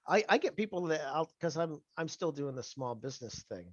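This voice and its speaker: A man's voice: fairly high pitch, big pitch swings, brisk, dull audio. A man interviewing a guest over a video call, in a chatty, joking way with frequent restarts. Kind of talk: casual conversational interview.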